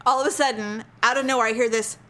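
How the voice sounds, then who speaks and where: A woman's voice: on the high side, quick pace. A woman co-hosting a podcast, telling a story in casual chat and acting out the voices of the people in it. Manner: animated, acts out voices in her stories. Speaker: podcast co-host.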